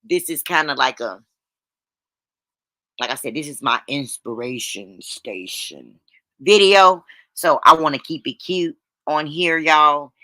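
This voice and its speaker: Bright-voiced chatty woman livestreamer. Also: low voice, slow pace, no echo. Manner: chatty, folksy, keeps checking in with "right?" and "y'all". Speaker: livestream host. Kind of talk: casual motivational live stream. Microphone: streaming setup microphone.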